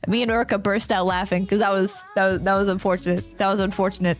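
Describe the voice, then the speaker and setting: A woman's voice: mid-range voice, brisk, soft background music. A woman streamer chatting casually with viewers. She laughs a lot, rambles with many "like"s and acts out the people she quotes. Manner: giggly, rambling, heavy use of "like"; animated retelling with quoted voices.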